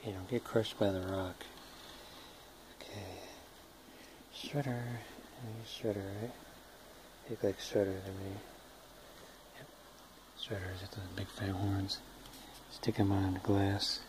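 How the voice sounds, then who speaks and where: A man's voice: deep voice, flat delivery, slow, pauses often. Man cooing at his pet roaches, noisy room. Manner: talks fondly to his hissing roaches, teasing baby talk. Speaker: hobby bug keeper. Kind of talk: casual handheld pet video.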